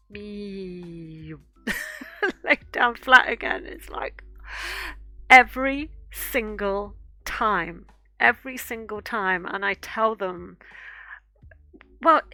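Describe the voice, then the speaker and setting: Very bright-voiced chatty woman. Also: medium pitch, dry recording. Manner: chatty, rambling anecdote with fillers and restarts. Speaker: art streamer. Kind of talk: casual storytelling while drawing.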